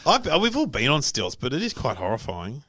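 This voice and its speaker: Playful man, animated banter. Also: medium pitch, a little fast, crowd noise. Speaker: comedian and host. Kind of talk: casual chat.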